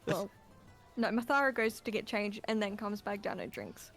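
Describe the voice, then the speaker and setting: A woman's voice: medium pitch, normal speed, soft background music. A woman playing a tabletop game, chatting casually and joking at her own expense. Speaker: player.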